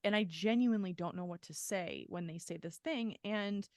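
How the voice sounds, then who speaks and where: A woman's voice: lowish voice, normal speed, no echo, clean studio sound. A woman co-hosting a podcast in casual chat, talking candidly and at length, full of "like" fillers and frequent swearing. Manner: candid, rambling, heavy "like" filler, swears freely. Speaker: podcast co-host.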